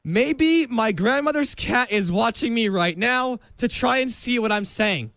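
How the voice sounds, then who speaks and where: A young man hosting a college radio show, talking in a dramatic, excitable comic monologue that bursts into shouting. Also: very high-pitched, unhurried, hardly any pauses, no echo. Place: radio studio.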